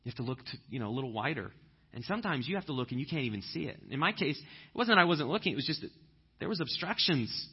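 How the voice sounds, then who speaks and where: Husky guy preaching, chatty sermon, kinda muffled lo-fi sound. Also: mid-range voice, fast talker. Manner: conversational storytelling, bursts into loud animated impressions. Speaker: pastor.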